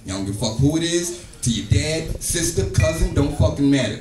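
A man doing a stand-up comedy set in a club, telling a profane story with lively acted-out quotes. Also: a little high, brisk. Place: comedy club stage, live audience. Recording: echoey club, distant mic, music behind.

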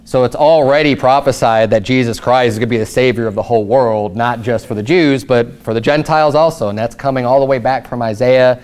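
A man pastor preaching a sermon, reading scripture slowly and explaining it in casual asides, with rhetorical questions that jump up in pitch. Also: darkish tone, clear, resonant tone. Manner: rises sharply in pitch for emphatic rhetorical questions.

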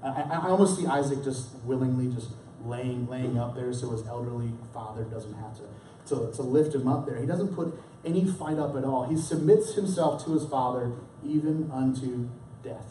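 In a roomy church hall with a distant mic and a little hiss or hum, a pastor, young adult or middle-aged, preaches at normal speed in a warm, mid-range voice. His sermon is conversational, full of restarts, with the story's lines dramatically acted out.

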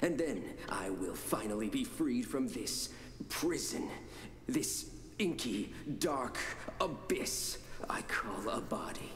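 A man voicing a fanatical, ink-soaked male cultist in a horror game, in whispered role-play with a hushed, creeping tone. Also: mid-range voice, animated, slow pace, a little hiss or hum. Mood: menacing. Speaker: game character.

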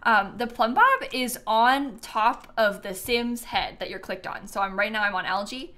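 Young woman, streamer; bright, slightly high voice, chatty, rambling, lots of fillers. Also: lively intonation, measured pace. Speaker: live streamer. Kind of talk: casual gameplay commentary.

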